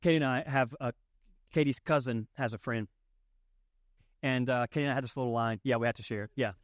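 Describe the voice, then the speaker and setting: A man's voice: medium pitch, fairly even intonation, a little fast, no echo, clean studio sound. A man with a Southern accent giving a conversational sermon as pastor, joking and repeating lines for emphasis. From Southern United States. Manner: folksy, joking, emphatic repetition.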